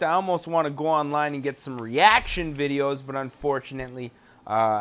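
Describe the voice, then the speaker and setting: A man's voice: on the high side, a bit bright. A young Canadian man giving casual, joking gameplay commentary from a home setup, rambling and full of fillers. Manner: laid-back, rambling, joking, lots of fillers. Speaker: gaming channel host.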